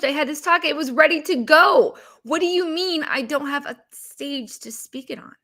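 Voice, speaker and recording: Bright-voiced woman telling a story, exasperated. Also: medium pitch. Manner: emotional, animated retelling with exasperated rhetorical questions. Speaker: business legal coach and speaker. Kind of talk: live-stream storytelling.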